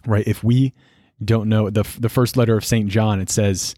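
A young man with a lowish voice co-hosts a casual faith podcast. He explains things earnestly, with a gently preachy lean. The sound is close and dry, with no room around it. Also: steady tone, moderate pace, dry recording. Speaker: podcast co-host, seminarian.

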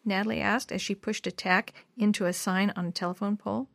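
Lady reading a kids story aloud, gentle, bone-dry mic. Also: mid-range voice, fairly quick, hardly any pauses, no echo. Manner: gentle, expressive read-aloud. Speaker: narrator.

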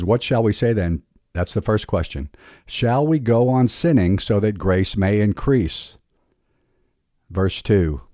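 A man's voice: sits low, warm tone, dry recording, clean studio sound. A man hosting a podcast, teaching from the Bible in an earnest, preaching manner with emphatic rhetorical questions. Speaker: podcast host.

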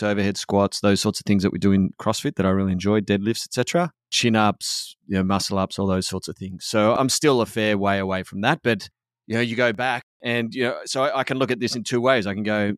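A man's voice: lowish voice, dry recording, studio quality. An Australian man talking candidly and casually on a podcast, swearing freely and calling his co-host "man" and "mate".

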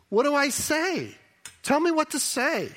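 A man's voice: bright, forceful tone, full character voice. A man voicing a flustered male prophet who pleads to be told what to say. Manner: pleading, bewildered, rising high.

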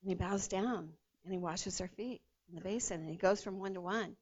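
A woman teaching a Bible passage in a lively, conversational way, sometimes acting out the voices of the people in the story. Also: medium pitch, brisk. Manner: animated retelling, acts out the disciples' voices. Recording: dull lo-fi sound.

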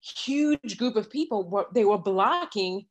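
A woman's voice: mid-range voice, measured pace. A middle-aged woman telling a personal story in casual conversation, acting out the exchanges she quotes. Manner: animated retelling with quoted exchanges. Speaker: guest.

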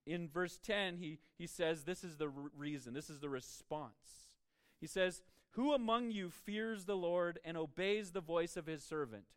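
A man's voice: fairly high pitch, a little slow, clear, resonant tone, no room sound, clean studio sound. A man preaching a sermon as a pastor, emphatic and prone to stumbling over repeated words as he starts each point.

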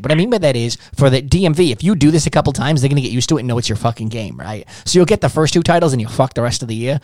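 This sales trainer coaches in blunt, profane, casual talk, swearing freely and acting out little dialogues as he tells stories. His voice is medium in pitch and a little mellow. The recording is dry and studio quality.

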